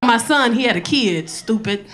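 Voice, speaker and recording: A woman doing stand-up, blunt and profane, shouting punchlines and dropping low for asides. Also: expressive, normal speed, crowd noise. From South Bronx, New York. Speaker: stand-up comedian. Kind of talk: stand-up routine. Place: comedy club stage.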